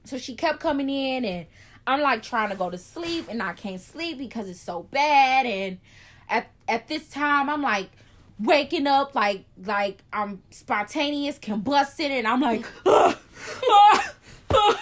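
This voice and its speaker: Animated young woman telling a story. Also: high voice, unhurried. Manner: animated, acts out scenes with gasps and shouts; chatty, frequent "like" fillers. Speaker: vlogger. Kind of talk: casual storytime vlog.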